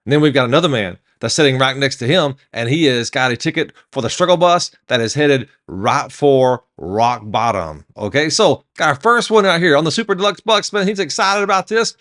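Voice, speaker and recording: Man, devotional sermon, emphatic storytelling, mid-pitched voice. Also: animated, brisk, few pauses, a bit bright.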